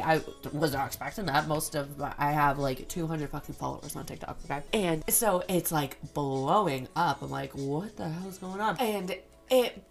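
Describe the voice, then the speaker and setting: A young woman hosting a solo podcast, talking candidly and rambling, swearing often. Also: on the low side. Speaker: podcast host. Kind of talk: casual solo podcast chat.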